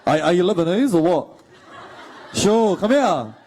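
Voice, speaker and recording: Cocky flirty sydney suburbs bloke, as an actor puts him on, broad western sydney accent, loud and a bit higher than his own voice. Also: very animated, a little slow, heavily acted. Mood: cocky flirting.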